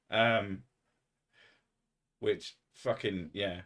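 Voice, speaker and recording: A man with a lowish voice talks to his live-stream audience in a loose, rambling way. He swears freely and pokes fun at himself as he drifts from one thought to the next. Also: animated, a little slow, fairly bright tone. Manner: rambling, sweary and self-mocking. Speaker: streamer hosting a live chat. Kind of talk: casual live-stream chat.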